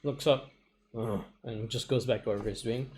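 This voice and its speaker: A man's voice: medium pitch, fairly even intonation, a little fast, darkish tone, a little hiss or hum. A man narrating and running a tabletop game as game master over an online call, laughing often and swearing casually.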